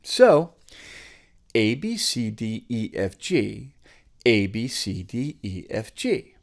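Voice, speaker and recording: A patient male music teacher who talks slowly and chants the note names for his students to repeat. His pitch rises and falls a lot as he explains. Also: sing-song, gravelly. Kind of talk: music theory lesson.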